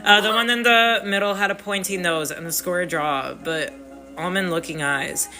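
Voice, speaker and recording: A man's voice: high-pitched, fairly even intonation, normal speed, bright, forceful tone, soft background music. A man streaming a live game, reading the story aloud with frequent giggles. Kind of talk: live game read-through.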